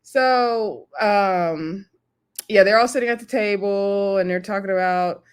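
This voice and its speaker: A woman talks through a reality show episode from home in a casual, chatty review. Her delivery is conversational and loose, full of fillers and animated asides. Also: mid-range voice, a little slow, clear, resonant tone.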